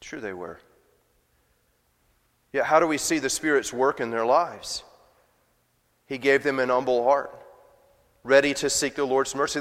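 A man preaching a sermon, swinging between loud emphatic passages and quiet, low asides. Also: measured pace, long pauses. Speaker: pastor. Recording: long reverb of a large hall.

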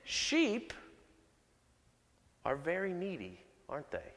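Slow, high-voiced preacher in a reverberant hall. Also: male voice, huge pitch swings, fairly bright tone, a little hiss or hum. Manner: measured, emphatic preaching with slow repeated key lines. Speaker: pastor. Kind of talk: sermon.

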